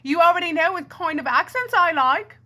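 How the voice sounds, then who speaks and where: High, bright-voiced New woman rambling. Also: lively intonation, fairly quick. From Brooklyn, New York. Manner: theatrical, addresses the audience as "my friends" and "ladies and gentlemen". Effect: karaoke mic echo. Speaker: comedy vlogger. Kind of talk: rambling stream-of-consciousness comedy monologue. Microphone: handheld karaoke microphone.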